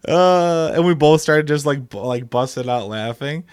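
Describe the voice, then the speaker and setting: A man's voice: mid-range voice, a little fast, few pauses, clean tone, no room sound, clean studio sound. A man hosting a live stream, telling a rambling casual story full of "like" and filler. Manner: rambling, heavy use of "like". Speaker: stream host.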